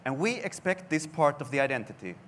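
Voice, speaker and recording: A man from Sweden, a creative director giving a conference presentation in a deliberate way, his phrases dropping at the ends. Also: on the high side, big pitch swings, a bit bright, slight background noise. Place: conference hall.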